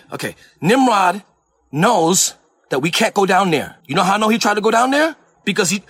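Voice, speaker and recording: Preacher, male, from Puerto Rico: emphatic, repeats himself, raspy edge, dry close sound. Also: high voice, a bit bright, no echo. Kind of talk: sermon-style teaching.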